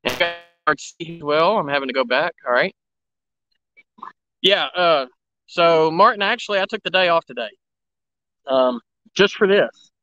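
On the high side and animated, this railfan livestreamer speaks at a measured pace with frequent pauses, his tone pushed and bright. The muffled recording comes from his cell phone beside railroad tracks, where he chats casually, greets viewers by name, and running engines and background noise play behind.

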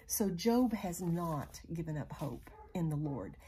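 A woman's voice: on the low side, very animated, a little slow, mellow, a little hiss or hum. A woman teaching a Bible study in a casual, hesitant way, with many fillers and restarts as she paraphrases scripture.

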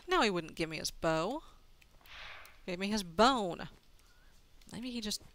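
Slow, chatty woman commenting on a game. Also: medium pitch, expressive, a bit bright, no room sound. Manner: chatty, playful, talks to herself. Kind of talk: gameplay commentary.

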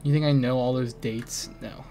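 A man's voice: medium pitch, fairly even intonation, moderate pace, gravelly. Streamer: young American man, playful teasing banter, faint music and keyboard clicks behind. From United States. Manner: teasing, banters with chat and friends. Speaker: gaming streamer. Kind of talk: casual live-stream chatter while playing. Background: faint music and keyboard typing.

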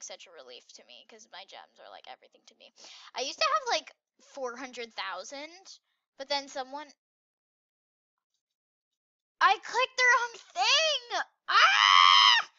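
Woman, bright high voice, very lively, casual gameplay chatter, excitable, dull dry lo-fi mic. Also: no room sound. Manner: excitable, swings between squeals and hushed whispers. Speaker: gameplay YouTuber.

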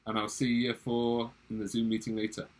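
A man's voice: fairly low pitch, monotone, fairly quick, rough recording. A male drama teacher giving instructions in a recorded online lesson, friendly and instructive with frequent restarts.

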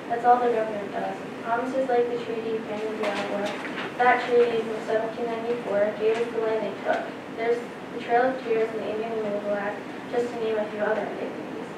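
A calm, steady elderly grandmother, read out by a young woman in a slightly raised, flat tone. The voice sounds distant in a very echoey hall with clear background noise. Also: fairly high pitch, lightly acted. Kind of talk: reading aloud from a story.

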